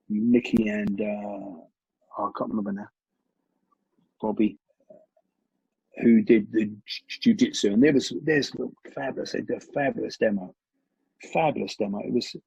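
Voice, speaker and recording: Very husky, gravelly man telling stories. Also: fairly low pitch, no echo. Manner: animated storyteller with frequent restarts. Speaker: martial arts coach, guest. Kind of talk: conversational interview storytelling. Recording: dull lo-fi recording.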